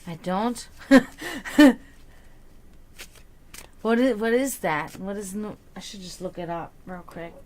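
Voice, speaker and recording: A woman's voice: medium pitch, slow pace, long pauses, darkish tone, slight background noise. A young woman chatting casually with her stream viewers as a psychic reader, laughing often and restarting her sentences.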